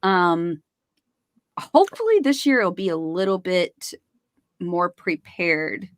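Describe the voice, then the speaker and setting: A woman's voice: on the low side, big pitch swings, slow, clean tone, no room sound, clean studio sound. A woman co-hosting a podcast, chatty and enthusiastic with jokes. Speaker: podcast co-host. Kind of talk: casual chat.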